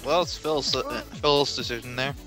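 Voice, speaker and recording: A man's voice: mid-range voice, steady tone, normal speed, bright, forceful tone, faint music behind. A man on a casual podcast panel, joking around and hesitating with fillers.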